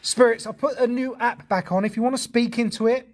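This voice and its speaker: A man's voice: extremely high pitch, steady tone, fairly quick. A man chatting casually on a ghost-hunting livestream, talkative and jumpy, swearing when startled outdoors.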